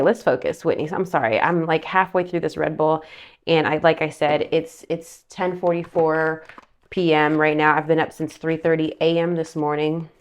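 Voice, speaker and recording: Chatty woman rambling through a tarot forecast. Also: low-pitched. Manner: chatty, rambling, self-interrupting with asides. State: slightly out of breath. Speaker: tarot reader. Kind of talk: casual monthly tarot forecast vlog.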